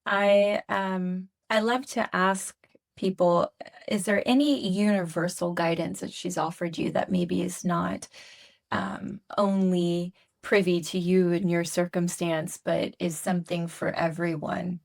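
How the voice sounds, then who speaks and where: Low-voiced woman hosting a podcast. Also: steady tone, unhurried, vocal fry. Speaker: podcast host. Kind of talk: interview questions.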